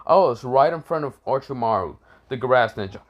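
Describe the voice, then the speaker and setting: Male storyteller, casual and rambling, full of filler words and self-corrections, swears a lot, average pitch. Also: lively intonation, a little fast, lo-fi sound. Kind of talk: casual improvised fan-fiction narration.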